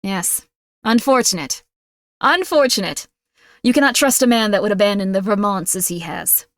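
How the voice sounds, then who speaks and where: A woman playfully voicing a stern, domineering female taskmaster who mock-yells orders at her audience. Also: mid-range voice, moderate pace, dry recording, natural voice. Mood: scornful. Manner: mock-yelling, imperious scolding. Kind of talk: playful role-play on a livestream.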